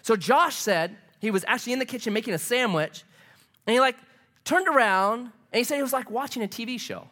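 A male pastor preaches with an animated, storytelling delivery. His voice sits high and swoops widely, with a bright, forceful edge. He keeps it conversational and lively. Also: fairly quick. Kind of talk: sermon.

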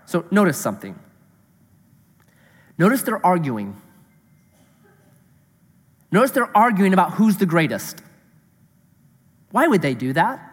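Pastor mid-sermon, man, very expressive pitch, asks the room question after question; large echoing sanctuary. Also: unhurried, pauses often, breathy edge. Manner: animated, rhetorical questions to the congregation.

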